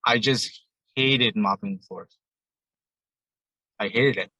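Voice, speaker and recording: A man's voice: lowish voice, takes it slowly, sharp tone, no echo, highs cut off. A man who owns a ramen shop, a guest on a podcast, telling a long story in a casual, rambling way and retelling conversations line by line. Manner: rambling, retells dialogue with many "I'm like".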